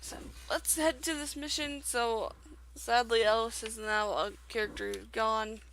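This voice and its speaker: Young woman host, casual let's play chatter, bright voice with some fry, faint game music. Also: fairly high pitch, fairly even intonation, measured pace, a little hiss or hum, rough recording. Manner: chatty, with many fillers. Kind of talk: casual gameplay commentary.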